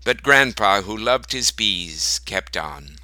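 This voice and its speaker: Male narrator reading a story, slow and deliberate, sharp bright tone, dry close sound. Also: fairly low pitch, expressive, no echo, poor audio. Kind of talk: reading a short story aloud.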